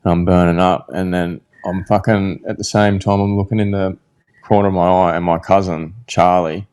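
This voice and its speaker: An Australian man, a podcast guest, telling a candid story in a blunt, halting way and swearing freely. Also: low-pitched, flat delivery, darkish tone, clean tone.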